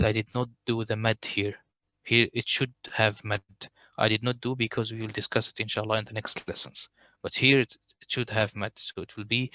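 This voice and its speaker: A smooth-voiced man teaching recitation. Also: on the low side, pushed and bright. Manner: patient explaining, recites Arabic examples slowly; hesitant when answering questions. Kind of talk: online tajweed lesson.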